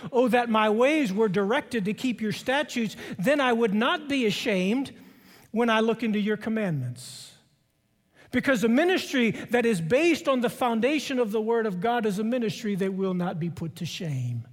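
A middle-aged man preaches in a very high voice, leaning hard on repeated phrases. His words ring out with a long reverb, as if from a large chapel. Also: animated. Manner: slow, emphatic repetition of key phrases. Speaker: preaching professor. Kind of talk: sermon.

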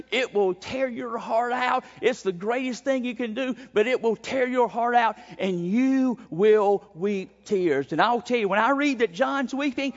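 A male pastor preaching a sermon, emphatic, with sudden swings in pitch and pace. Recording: dull sound with long hall reverb.

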